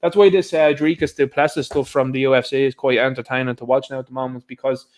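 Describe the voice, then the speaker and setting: A man's voice: medium pitch, fairly even intonation, fast. A man with an Irish accent hosting a livestream, giving emphatic opinionated commentary and reading viewers' chat messages aloud. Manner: emphatic, ranting, talks straight to viewers. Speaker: livestream host.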